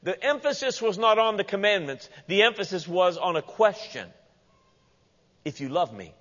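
A man preaching a sermon as pastor, animated and playful, acting out the voices of the people he quotes. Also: high voice, moderate pace. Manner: animated, acts out quoted voices with humorous asides. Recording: dull lo-fi sound with long hall reverb.

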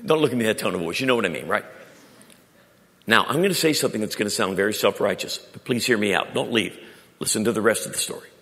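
A middle-aged preacher with a low voice delivers a storytelling sermon. He swings from loud emphasis to near-whispered confession. The long reverb of a large hall trails after his words. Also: quick pace. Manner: storytelling preacher, shifting between loud emphasis and quiet intimate tones. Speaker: pastor. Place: church sanctuary.

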